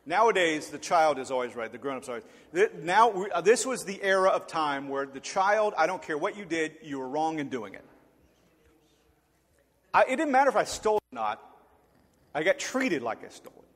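A man in his forties preaching, telling a story in an animated, humorous way and acting out the voices. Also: fairly high pitch, in a large hall. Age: 40s. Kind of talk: storytelling sermon.

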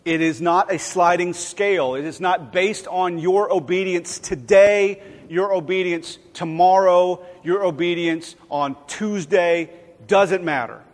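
A pastor delivers a sermon in a conversational style, his voice high and unhurried, sometimes acting out the voices he quotes. The recording carries a long hall reverb.

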